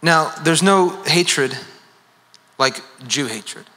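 Pastor, man, bright slightly high voice, earnest sermon, long hall reverb. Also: lively intonation, drawn-out words. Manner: earnest, repeats words when stressing a point.

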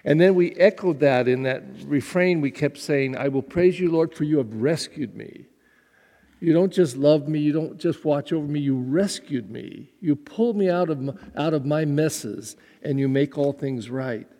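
Man, pastor, homily, fairly high voice, mellow tone, chatty with fillers, long hall reverb. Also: moderate pace. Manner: conversational, with fillers and repeated words. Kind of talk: podcast homily.

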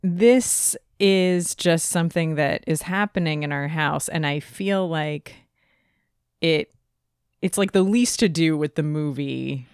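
Chatty woman podcaster, smooth and dry. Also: low-pitched, takes it slowly, a little mellow, dry recording. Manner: chatty, laughing, many restarts. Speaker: podcast co-host. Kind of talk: casual chat.

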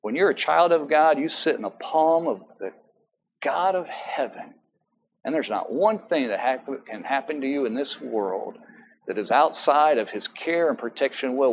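A man's voice: mid-range voice, lively intonation, moderate pace, slight background noise, poor audio. A man preaching as pastor in a church, talking in a conversational way with many asides and self-corrections. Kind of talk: sermon. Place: church sanctuary.

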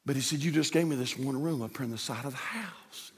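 A male pastor preaching a sermon in a church, telling a story that swings from loud, shouted peaks to hushed, quiet lines. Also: a little high, quick pace, hardly any pauses, breathy edge. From United States. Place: church sanctuary. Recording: long church reverb.

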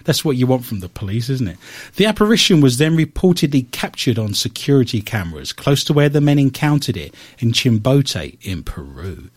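A man's voice: medium pitch, fairly quick. A man hosting a radio talk show, telling stories and reading the news with wry asides. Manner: animated storyteller with wry asides.

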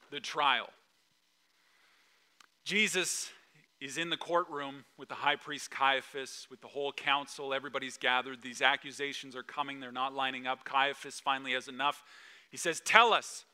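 A man preaching a sermon, retelling a Bible story with acted-out quotes and hushed, solemn pauses. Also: medium pitch, smooth. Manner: storytelling, acts out quoted lines, drops to a hush at solemn moments. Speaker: pastor.

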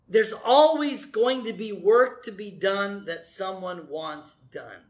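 A man delivers a sermon in a high, light voice. He preaches conversationally, throws questions out to the congregation and wanders into a folksy story with asides. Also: takes it slowly, few pauses. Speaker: pastor.

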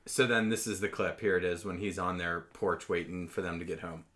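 A man co-hosting a casual podcast, animated and profane, breaking into loud mock voices. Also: low voice, fairly quick. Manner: animated, swears a lot, shouts mock voices. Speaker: podcast co-host.

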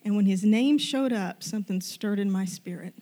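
A middle-aged woman telling a personal faith story, animated and self-deprecating, acting out the lines of the people in it. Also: mid-range voice, normal speed. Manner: animated, self-deprecating, acts out quoted dialogue.

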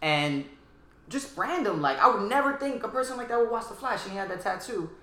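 Bright animated man in an echoey room. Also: high voice, a little fast. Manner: storytelling, animated, acts out quotes. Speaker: podcast co-host. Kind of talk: casual chat.

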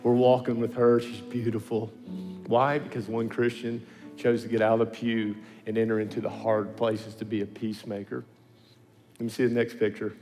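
A man preaching a sermon and telling stories, acting out the people he quotes with sudden high-pitched voices. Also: normal speed, long reverb tail, soft background music. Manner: animated storyteller, acting out quotes in pitch leaps. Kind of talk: sermon with storytelling.

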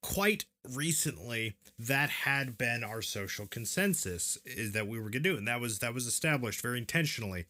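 Bright-voiced man explaining at length. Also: mid-range voice, animated, moderate pace, hardly any pauses. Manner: earnest, explains at length in long runs. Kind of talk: explanatory conversation.

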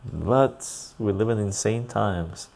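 Tired, gravelly low-voiced man chatting. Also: slow, darkish tone. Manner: loose and rambling, laughs easily, reads chat aloud. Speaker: livestream host reading chat. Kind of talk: casual livestream chat.

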